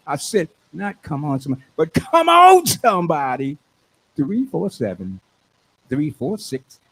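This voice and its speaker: An older man, a radio station manager hosting his talk show, hyping an event with exuberant, preachy shouts. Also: a little high, breathy edge. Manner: exuberant, preachy call-and-response, shouts when excited. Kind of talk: hyped radio promo talk.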